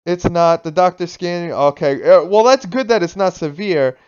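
A man from Florida streaming a video game live, casually chatting with viewers, swearing and breaking into excited outbursts. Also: high voice, moderate pace, smooth, dull audio.

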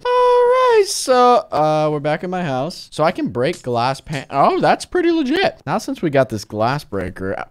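Excitable young man, panicky gaming commentary. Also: normal speed, hardly any pauses. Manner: excitable, jumps from hushed mutters to high-pitched panicked yelps; talks to viewers while sneaking. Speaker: gaming YouTuber. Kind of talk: Minecraft let's play commentary.

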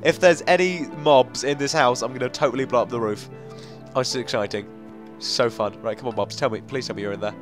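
A man's voice: medium pitch, fairly quick, over music. Chatty stuffy-nosed young man. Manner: chatty, rambling, excitable. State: blocked nose. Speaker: gaming video host. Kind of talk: let's play commentary.

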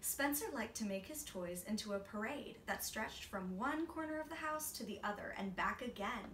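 A woman's voice: a little high, animated, normal speed, a bit bright. Woman reading a picture book aloud. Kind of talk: storybook read-aloud for children. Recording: echoey room, voice from a distance, faint hiss.

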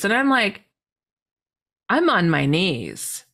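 A middle-aged woman, a podcast guest, telling a personal story with animated delivery, acting out her own past lines with big pitch jumps and laughter. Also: takes it slowly.

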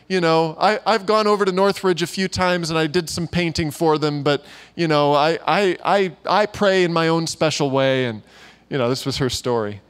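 A man preaching to a church gathering, telling a story in a lively way and acting out the voices of the people in it. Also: on the high side. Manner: animated storyteller who acts out quoted voices and laughs often. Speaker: pastor. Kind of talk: sermon storytelling. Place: church meeting room.

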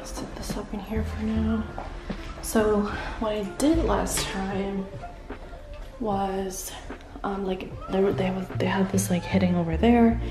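A woman's voice: mid-range voice, steady tone, slow, over music. Chatty young woman in an echoey empty house. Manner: chatty, many fillers like "um" and "like". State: a little out of breath. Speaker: real estate agent vlogger. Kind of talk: casual vlog talk to camera. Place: empty new house, indoors. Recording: roomy echo in an empty house.

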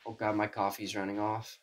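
A man's voice: fairly low pitch, darkish tone. A young man giving casual gameplay commentary, sarcastic and profane, talking to himself with a strained voice. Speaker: gaming video creator.

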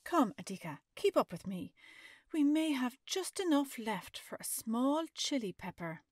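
A woman reading aloud, voicing a bustling, fretful mother from a storybook with loud, fussing exclamations. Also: high voice, very animated, a little slow, dry recording, clean studio sound, voice pushed up. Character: bustling, fretful African mother cooking pancakes.

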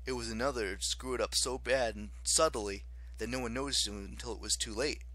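A man narrating an audiobook in an expressive, dramatic way. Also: mid-range voice, brisk.

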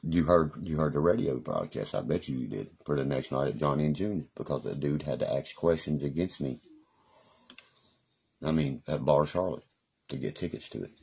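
A man's voice: extremely low pitch, moderate pace, vocal fry, darkish tone, husky. A man rambling profanely and boastfully through stories on a live stream. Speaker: livestreamer.

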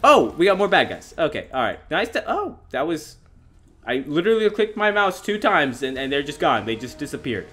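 A young man giving excitable, self-mocking gameplay commentary as a gaming YouTuber, often laughing at himself. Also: a little high, a little fast.

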